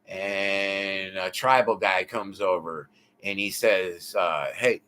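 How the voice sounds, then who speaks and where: A man from the United States, a guest in an interview, telling his story in an animated, casual way. He swears freely and keeps adding "you know what I mean" asides. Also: low voice, takes it slowly. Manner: animated, profane, lots of filler asides.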